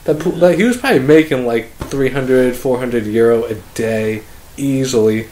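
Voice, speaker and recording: A man's voice: mid-range voice, moderate pace, warm tone, a little hiss or hum. A young man co-hosting a podcast, telling a travel story in casual chat, full of "like", swearing and laughter. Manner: rambling storyteller, heavy "like" filler, swears, laughs often. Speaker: podcast co-host.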